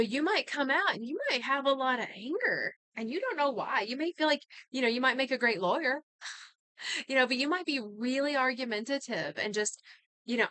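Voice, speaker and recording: A woman's voice: a little high, a bit bright, no room sound. A woman giving an earnest, casual talk on healing and inherited patterns, full of conversational asides.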